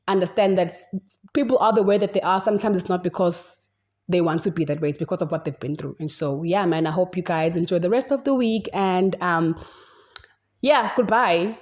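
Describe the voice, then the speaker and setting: A woman's voice: mid-range voice, darkish tone. A young adult woman with a South African accent, hosting a solo podcast and talking unscripted in a rambling, chatty way. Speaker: podcast host. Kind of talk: casual solo podcast monologue.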